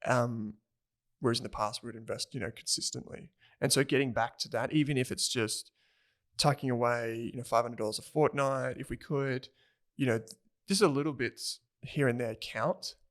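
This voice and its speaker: A man's voice: mid-range voice, steady tone, normal speed, a bit bright. A man, co-hosting a personal finance podcast in a rambling, chatty way and laughing easily. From Australia. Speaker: podcast co-host. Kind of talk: casual chat.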